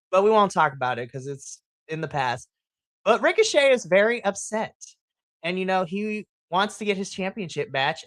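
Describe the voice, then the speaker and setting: Gushing, animated woman podcast host. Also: on the low side, no echo. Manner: animated and gushing, laughing often. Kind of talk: casual chat.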